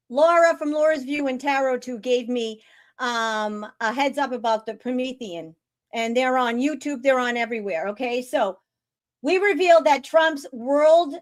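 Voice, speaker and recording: A woman hosting her own livestream talk show, her voice sitting high. She chats casually and gets excitable and gushing, with a blunt edge. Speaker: show host.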